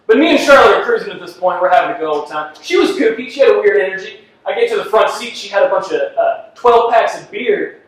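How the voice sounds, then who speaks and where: A man performing a self-deprecating stand-up comedy set, laughing at his own jokes on a club stage. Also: high-pitched. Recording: echoey club from far off with faint noise.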